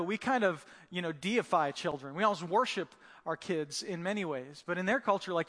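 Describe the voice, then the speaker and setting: High-voiced pastor preaching conversationally. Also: male voice. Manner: conversational, animated, acts out voices of the disciples and Jesus. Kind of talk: sermon. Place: church. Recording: church hall reverb.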